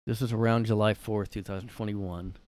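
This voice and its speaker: Sarcastic low-voiced man ranting. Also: little pitch movement, brisk, darkish tone, no echo. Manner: sarcastic, rambling, with fillers. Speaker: vlogger. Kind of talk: casual rant. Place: his room.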